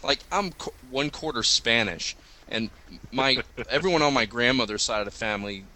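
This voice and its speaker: A man co-hosting a casual podcast, talking excitably and animatedly. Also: mid-range voice, moderate pace. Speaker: co-host.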